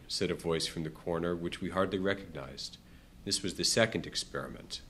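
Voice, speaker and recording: A man with a fairly low voice reads a book passage aloud at a measured pace. He lifts his pitch for the quoted questions and lets it drop for the narration. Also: animated, a bit bright. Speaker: reader.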